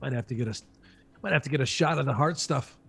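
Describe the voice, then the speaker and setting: A man's voice: medium pitch, fast, vocal fry, breathy edge. A man commentating a live poker stream, chatty and joking, thinking aloud between hands.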